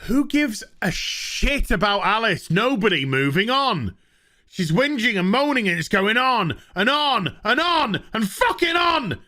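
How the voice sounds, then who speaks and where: A man's voice: high-pitched, big pitch swings, measured pace, pushed and bright. A man reviewing a TV show in a sweary, sarcastic, exasperated rant. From Northern England.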